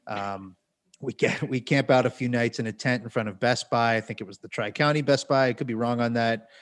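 A man telling a story on a podcast in an ordinary, mid-pitched voice. His delivery is loose and rambling, with plenty of restarts and asides. A wry, self-deprecating tone runs through it. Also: a little fast. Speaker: podcast co-host. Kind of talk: casual storytelling.

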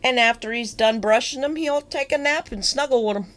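A woman's voice: fairly high pitch, fairly quick. A young woman co-hosting a podcast, chatting casually and telling feel-good news stories with enthusiasm. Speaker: podcast co-host. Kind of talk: casual chat.

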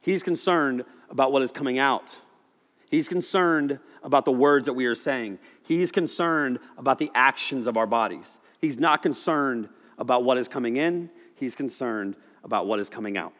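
Brief: male preacher, casual and lively sermon delivery, bright and forceful tone, echoing hall. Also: mid-range voice, moderate pace. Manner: animated, conversational, acts out voices. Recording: echoey hall reverb.

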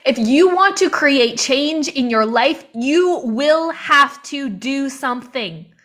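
A woman's voice: high voice, animated, takes it slowly, a bit bright. A young woman in live online training mode, impassioned and confiding, talking into a video call mic and laughing often between points. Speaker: motivational coach.

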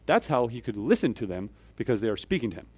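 Preaching in a chatty style, this church elder lays things out step by step, peppering his talk with "okay?" and "right?". His mid-range voice is sing-song and fast, swinging between forceful emphasis and soft asides.

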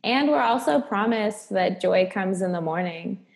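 Brief: woman, fry in the voice, sincere casual talk full of "like". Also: mid-range voice, lively intonation, unhurried. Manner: heartfelt, leans on "like" as filler. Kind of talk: casual chat.

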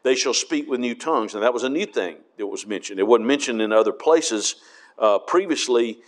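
A man's voice: medium pitch, animated, fairly quick. A man, a pastor, teaching a Bible study in a conversational way, reading scripture aloud between casual fillers and asides.

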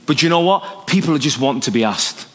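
A man from Northern Ireland preaching a sermon, swinging between bold, raised lines and low, quiet emphasis. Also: expressive, quick pace. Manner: dynamic preaching, drops low and soft for emphasis, rises for acted quotes. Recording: echoey hall recording.

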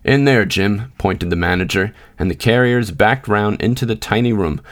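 A man reads a classic short story in a low, even voice. His narration is measured and unhurried. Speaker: podcast host and reader. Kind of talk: scripted narration.

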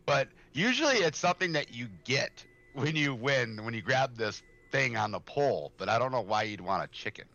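A man co-hosting a podcast in casual, joking chat, quick to laugh. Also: mid-range voice, animated, vocal fry, bright, forceful tone, dull audio. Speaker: podcast co-host.

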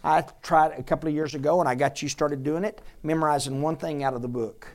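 A man preaching a sermon to a congregation, exhorting loudly at times and dropping to quiet asides. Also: on the high side, fairly even intonation, quick pace, hardly any pauses. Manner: emphatic, swings from loud exhortation to quiet asides.

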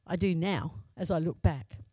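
A woman's voice: lowish voice, moderate pace, dark tone, breathy edge, no room sound. A middle-aged Australian woman, a pastor's wife, telling a candid personal story in a sermon.

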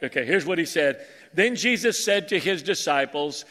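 A male pastor, preaching in a high, bright voice. He is lively and joking, drawing in his congregation. The long reverb of a large church hall trails after every phrase. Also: moderate pace. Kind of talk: sermon.

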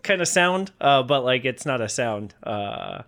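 A man's voice: medium pitch, animated, measured pace, a bit bright. A man playing a tabletop game, describing his attacks hesitantly with many fillers. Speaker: player. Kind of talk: casual tabletop play.

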